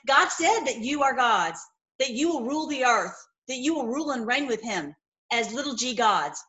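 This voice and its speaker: A woman giving an informal, impassioned sermon, swinging between loud outbursts and low murmurs, with many repeated words. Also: lively intonation, moderate pace. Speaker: preacher.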